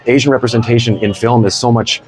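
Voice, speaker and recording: A man's voice: medium pitch, fairly even intonation, fast, rough recording. A man hosting a casual interview, rambling and searching for his words. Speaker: host. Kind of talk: casual chat.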